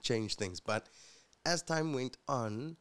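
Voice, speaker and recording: A man's voice: mid-range voice, expressive, takes it slowly, fairly bright tone, smooth. A man from Africa, telling his life story in a casual interview in an earnest, reflective way. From South Africa. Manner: earnest, reflective, with many fillers. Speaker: guest and future co-host.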